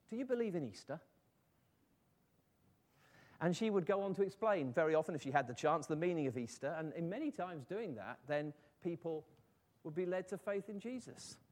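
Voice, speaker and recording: Guy preaching, earnest storytelling, kinda high voice, gets fervent. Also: a little mellow. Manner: earnest, rising to fervent appeals. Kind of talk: sermon storytelling.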